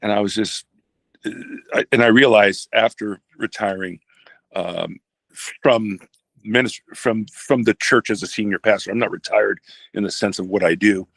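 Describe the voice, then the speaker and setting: An older man, a retired pastor, telling a personal story in a halting, reflective way with many restarts. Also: lowish voice, fairly even intonation, creaky, a bit bright, no echo.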